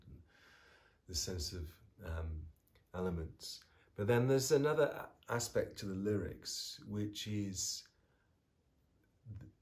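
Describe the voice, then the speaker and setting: A man teaching a song in a guitar tutorial, talking in a reflective, searching way with many pauses and restarts. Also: low-pitched, darkish tone. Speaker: music teacher.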